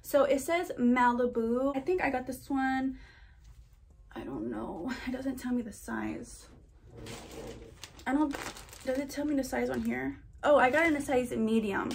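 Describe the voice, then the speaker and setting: Give me a gushing young woman vlogger talking casually to camera, with a slightly high voice. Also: measured pace, vocal fry, pauses often, a little hiss or hum. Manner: chatty and gushing, says freaking and oh my gosh a lot. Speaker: vlogger doing a try-on haul.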